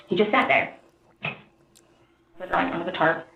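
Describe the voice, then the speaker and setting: A woman recounts events to an interviewer, rambling and acting out the quotes. Her voice sits a little low, and the archival recording is tinny and echoey. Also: level tone, fast talker, long pauses. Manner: rambling retelling, acts out quotes.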